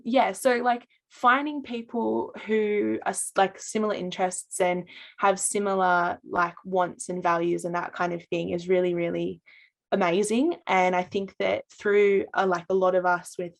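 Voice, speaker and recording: A young Australian woman, a student on a panel, telling stories in a bubbly, animated way. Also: lowish voice, a little slow, gravelly. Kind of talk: panel discussion.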